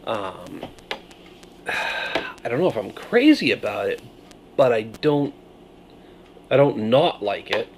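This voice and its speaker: A man's voice: on the low side, sing-song, darkish tone, a little hiss or hum. Musing man reviewing a beer on camera. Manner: musing, thoughtful tasting notes with pauses and hums. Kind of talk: casual beer review vlog.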